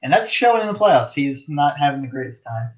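A young man co-hosting a podcast, talking sports bluntly and pushing back fast. He stammers through restarts, and the audio sounds dull and lo-fi. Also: on the high side, sing-song. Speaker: podcast co-host. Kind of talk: casual sports chat.

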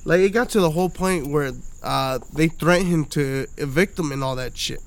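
Man, drunk, high-pitched voice, swearing, rambling, acts out dialogue. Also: moderate pace. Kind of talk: casual drunken storytelling.

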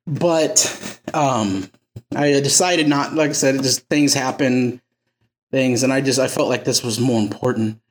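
A man's voice: mid-range voice, measured pace. A man preaching an informal sermon as a pastor, talking loosely and conversationally and working jokes into his teaching.

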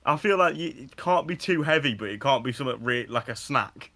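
A man co-hosting a casual podcast, laughing often and throwing in quick jokey asides. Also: mid-range voice, expressive, sharp tone. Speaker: podcast co-host. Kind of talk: casual chat.

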